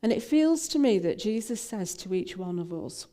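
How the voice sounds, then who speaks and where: A woman's voice: mid-range voice, lively intonation, moderate pace, hardly any pauses, dark tone. An older woman minister, telling a personal story in a talk, with frequent fillers and restarts.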